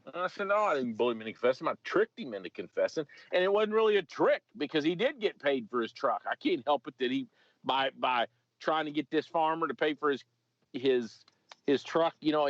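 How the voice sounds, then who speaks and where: A man's voice: mid-range voice, no room sound. Ex-cop storyteller, male, rambling and salty, dull dry sound. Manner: rambling, profane, lots of restarts. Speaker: former police officer telling a story. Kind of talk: casual comedic storytelling. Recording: dry, slightly muffled podcast audio.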